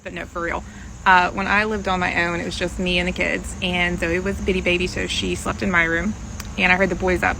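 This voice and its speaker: A woman tells a story in a gravelly voice, rambling and plain-spoken. Her phone audio is noisy, with traffic passing behind her. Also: on the low side, flat delivery, fairly quick. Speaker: parent telling a story. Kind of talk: casual storytelling to a phone camera.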